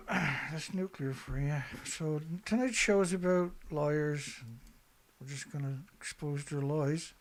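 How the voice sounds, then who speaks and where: A middle-aged man hosting a casual livestream, rambling and chatty, clearing his throat often and swearing now and then. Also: fairly high pitch, takes it slowly. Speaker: show host.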